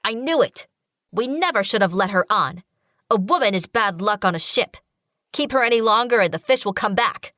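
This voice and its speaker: A woman voicing an angry, superstitious male sailor who accuses loudly. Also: medium pitch, lively intonation, normal speed, dry recording, clean studio sound. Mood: accusing.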